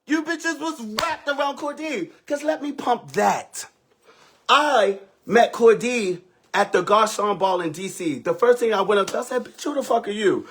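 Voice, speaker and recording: Speaking unhurriedly with a breathy edge, a man with an extremely high voice recounts a dramatic story on a livestream. He's casual and profane, alternating between loud bursts and hushed side comments.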